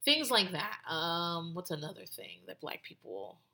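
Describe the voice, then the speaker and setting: A woman's voice: fairly low pitch, wildly swooping pitch, a little slow, creaky, bright, forceful tone. A woman hosting a podcast in casual chat, talking in a loose, rambling way full of "like" and restarts and swearing freely. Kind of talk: casual commentary.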